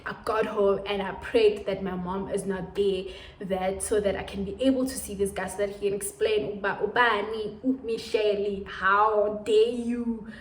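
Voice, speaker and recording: A woman's voice: medium pitch, fairly even intonation, normal speed, mellow, roomy sound, far from the mic, a little hiss or hum. A young woman in her twenties with a South African accent, telling a dramatic storytime to her viewers in a casual vlog, recorded on a phone camera. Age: 20s. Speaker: YouTuber.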